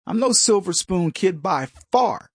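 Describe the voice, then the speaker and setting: A man's voice: sits high, expressive, unhurried, husky, dry recording, clean studio sound. An American man delivering an emphatic, opinionated monologue as a commentator. He often stumbles and restarts his sentences and mocks other people's voices. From United States.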